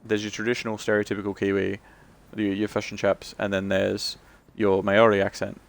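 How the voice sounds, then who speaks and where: A male streamer chatting casually while he plays, rambling and restarting, his voice croaky and tired. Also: lowish voice, monotone, fairly quick. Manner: rambling, many restarts and fillers. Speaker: game streamer. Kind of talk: casual chat while gaming.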